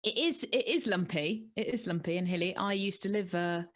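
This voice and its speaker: A woman co-hosting a running podcast in casual chat, lively and quick to put on silly voices. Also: on the low side. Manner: chatty, animated, puts on silly voices when quoting. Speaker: podcast co-host.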